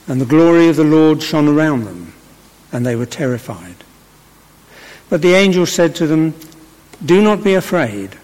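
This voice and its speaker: A man of middle pitch reads scripture at a church service, setting out each verse in a measured, deliberate way. His voice rises for the quoted speech. A long church reverb trails every phrase. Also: a little mellow. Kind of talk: formal Bible reading.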